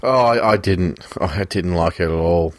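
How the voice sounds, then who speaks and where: A man's voice: sits low, normal speed, no echo. A man in casual chat, blunt and opinionated, swearing freely.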